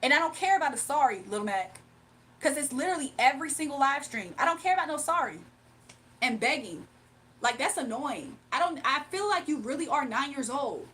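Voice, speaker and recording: A woman's voice: high-pitched, expressive, fairly quick, fairly bright tone, slight background noise. A woman hosting a livestream in a casual, blunt, scolding manner. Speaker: livestream host.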